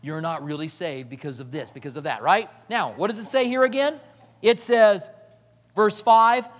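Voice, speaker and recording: A man preaching a sermon as pastor, animated, acting out quoted voices and swinging from loud to hushed. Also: high-pitched, moderate pace, long reverb tail.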